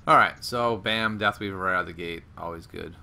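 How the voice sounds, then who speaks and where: A man's voice: low voice, fairly quick, vocal fry, pushed and bright. A man casting a live card game match, chatty and analytical, laughing often. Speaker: game commentator. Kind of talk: live esports commentary.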